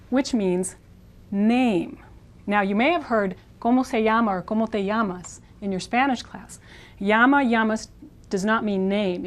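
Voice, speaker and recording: A woman teaching a language lesson, patiently repeating words slowly and clearly, writing on a board as she goes. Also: medium pitch. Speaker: Spanish teacher. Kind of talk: classroom pronunciation lesson.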